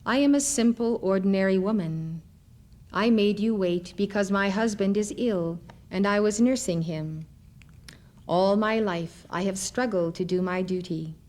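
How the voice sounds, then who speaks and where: A woman voicing a simple, dutiful housewife who speaks gently and plainly. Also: medium pitch, unhurried, lightly acted. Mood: calm, gentle.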